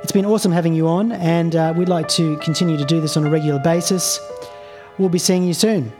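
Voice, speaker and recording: A man's voice: a little high, steady tone, fast, music in the background. A male radio host in casual talk, thoughtful and hesitant, often repeating words as he searches for them. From Australia.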